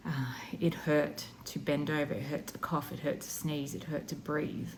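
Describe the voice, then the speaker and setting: A woman intuitive healer speaking in a soft, reflective and emotional way about her spiritual practice. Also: deep voice, steady tone, normal speed, slight background noise.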